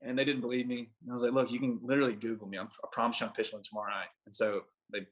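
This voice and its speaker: A man's voice: mid-range voice, level tone, rapid-fire. A young man sits in as a podcast guest and spins a long, casual story. His delivery is laid-back and rambling, with "like" dropped into almost every sentence as he backtracks and restarts. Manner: rambling, laid-back, heavy use of "like" fillers. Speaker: podcast guest, baseball pitcher.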